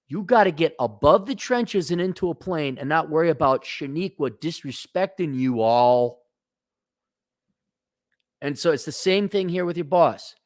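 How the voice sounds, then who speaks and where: A man's voice: fairly high pitch, no echo, clean studio sound. A man hosting a casual advice rant, blunt and sarcastic, talking in a stop-start way. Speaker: host.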